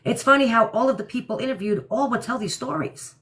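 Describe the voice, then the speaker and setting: A woman's voice: on the high side, fast, a bit bright. A woman from New Jersey with a New York-area accent, hosting a casual livestream and answering viewer comments in a blunt, opinionated way. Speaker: livestream host.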